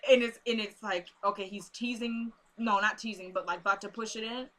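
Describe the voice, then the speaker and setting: Woman vlogger, casual recap, crisp bright tone, mid pitch. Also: a little fast. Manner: lively, informal, repeats herself for emphasis.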